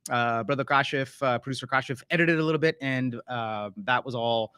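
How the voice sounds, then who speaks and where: A man's voice: mid-range voice, fairly quick, bright, forceful tone, clear, resonant tone, dry recording, clean studio sound. A man from the Toronto area, hosting a live talk show in a chatty, joking way with plenty of fillers. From Canada (Toronto area). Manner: chatty, jokey, lots of fillers. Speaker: host.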